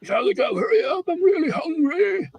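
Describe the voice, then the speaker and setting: A man voicing a menacing cannibal monster that hollers its threats loudly. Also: extremely high pitch, sing-song, normal speed, creaky, dry recording, highs cut off, voice pushed up, full character voice. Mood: hungry. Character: cannibal male Wihtikow monster, booming and menacing.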